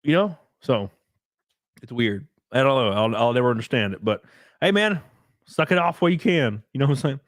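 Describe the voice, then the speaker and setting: A man's voice: mid-range voice, lively intonation, fairly quick, dry recording, clean studio sound. A man hosting a casual solo livestream, rambling and crude, often laughing as he reads out chat comments. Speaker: livestream host.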